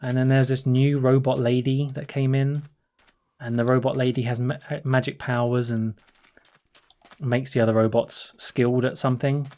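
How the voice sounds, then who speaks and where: A man's voice: mid-range voice, level tone, moderate pace, a little mellow. Rambling man telling a travel story. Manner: chatty, laughs often, many restarts. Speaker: channel host. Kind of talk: rambling casual storytelling over gameplay.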